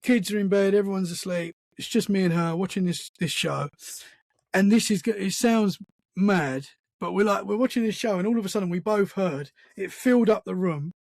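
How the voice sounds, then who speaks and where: A man's voice: high-pitched, normal speed, creaky, no echo. Guy chatting on a podcast, acts out the sounds he's describing, lots of restarts, dead dry sound. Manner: animated storyteller, acts out sounds and quotes; many restarts and "man" fillers. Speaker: podcast guest. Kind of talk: casual storytelling conversation.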